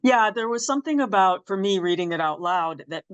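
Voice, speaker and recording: A woman hosts a casual podcast interview, asking questions and affirming her guest often with frequent mm-hmms as a warm listener. Her mid-range voice is animated and brisk, and the audio has its highs cut off.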